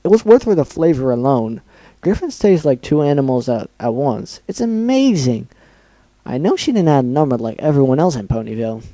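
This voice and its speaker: A man's voice: medium pitch, big pitch swings, a little fast, warm tone, dry recording, close to an everyday voice. A man voicing a cheerful, murderous female pink pony, bubbly and sing-song with a sweetly sinister edge. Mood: gloating.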